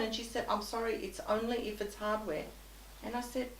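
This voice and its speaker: A woman's voice: medium pitch, a little fast, gravelly, recorded from a distance, a little hiss or hum. A woman guest telling an anecdote in conversation, animatedly acting out both sides of the dialogue. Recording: echoey room.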